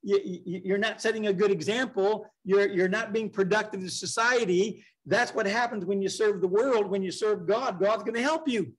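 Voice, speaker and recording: High-voiced man teaching a Bible class. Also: rough recording. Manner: conversational, reads scripture slowly, asks the class questions. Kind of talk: casual Bible study teaching. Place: church classroom.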